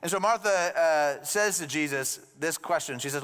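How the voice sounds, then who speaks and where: A man's voice: on the high side, normal speed, fairly bright tone, clear, resonant tone. Man preaching in an echoing church. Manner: conversational, with joking asides. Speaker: pastor. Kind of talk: sermon.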